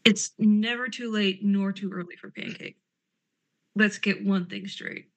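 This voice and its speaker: A woman's voice: mid-range voice, fairly even intonation, unhurried, dull audio. A woman playing a tabletop role-play game, speaking in character with petulant, sarcastic banter and describing her character's actions.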